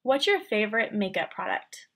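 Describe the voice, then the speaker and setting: A woman reads out one short question after another. Her delivery is plain and quick, at a middle pitch. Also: big pitch swings, gravelly, fairly bright tone. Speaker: question reader.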